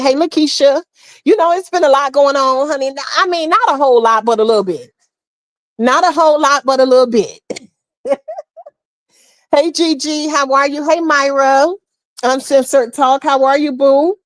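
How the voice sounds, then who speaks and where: Woman host, casual and chatty, a touch higher than usual, dry close mic. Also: moderate pace, no echo. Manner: chatty, calls viewers honey and boo. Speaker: live stream host. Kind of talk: casual live chat greeting viewers.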